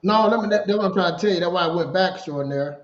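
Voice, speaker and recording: A man's voice: sits high, racing. Man telling his story in a roomy, dull room. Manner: animated, repeats himself, laughs while telling. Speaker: podcast co-host sharing his story. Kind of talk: casual conversational storytelling.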